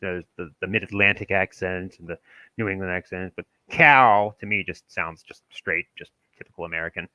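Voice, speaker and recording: A man's voice: deep voice, normal speed, bright, forceful tone, dry recording. A young man from Maryland, talking casually and rambling through an old text with many restarts and chuckles, as a channel host.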